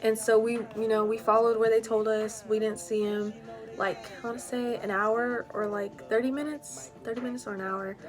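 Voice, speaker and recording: A woman's voice: a little high, flat delivery, normal speed, music in the background. A young woman telling a personal story in a casual, rambling way, full of "like" and "you know".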